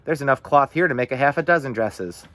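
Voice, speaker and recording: A man reading a booming, good-humored country father. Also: animated, quick pace, a bit bright, no echo, close to an everyday voice. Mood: hearty. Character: rural father, middle-aged, hearty and kind. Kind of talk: audiobook reading.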